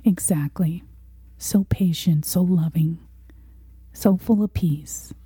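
A woman interviewing a guest about faith, speaking in a soft, breathy, half-whispered way. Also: fairly low pitch, slow, no room sound.

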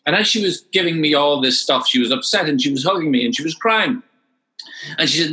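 An older Irish man in his sixties telling stories as a guest in an interview. His voice is bright and fairly high for a man, and he talks in an animated way, stumbling over repeated words when he gets excited. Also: fairly quick, low-quality recording. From Ireland. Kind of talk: storytelling interview.

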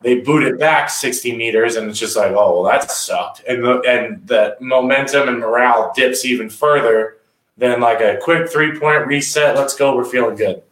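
A man and former rugby captain, breaking down rugby play in casual podcast talk and acting out players' voices with energy. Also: mid-range voice. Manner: animated, acts out players' talk in quick voices. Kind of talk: casual sports podcast analysis. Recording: roomy echo.

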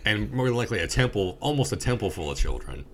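A man's voice: on the low side, very animated, quick pace, a little hiss or hum. A young man rambling casually and swearing now and then while reviewing a movie with a friend.

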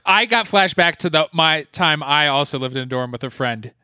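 Bright-voiced man hosting a podcast. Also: a little high, expressive, moderate pace, clear, resonant tone, no room sound, studio quality. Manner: jokey, runs the segments. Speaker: podcast host. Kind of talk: casual movie-review podcast chat.

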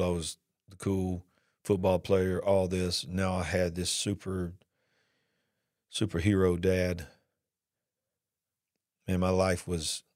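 A middle-aged man giving an earnest personal testimony about his past, retelling it slowly and with feeling. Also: low-pitched, darkish tone, no echo, studio quality. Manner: earnest, drawn-out emotional retelling. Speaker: speaker sharing his life story.

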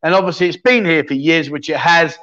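A man's voice: a little high, a little fast, bright, forceful tone, highs cut off. A man hosting a casual livestream chat show and running a quiz, trading cheeky banter with viewers in the chat.

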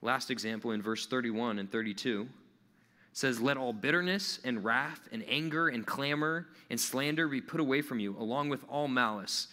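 Male preacher, casual and interactive, bright voice, recorded with hall echo. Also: mid-range voice, moderate pace. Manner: conversational, asks the listeners questions. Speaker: pastor. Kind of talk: sermon.

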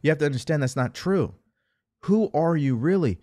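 A man's voice: fairly high pitch, expressive, moderate pace, warm tone, no echo, clean studio sound. A man giving an emphatic motivational talk, full of rhetorical questions and repeated phrases. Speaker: motivational speaker. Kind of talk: motivational monologue.

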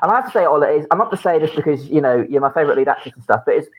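A man co-hosting a casual podcast chat, eager and quick, restarting sentences as he goes. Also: a little high, animated, breathy edge, lo-fi sound. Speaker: podcast co-host, production company director.

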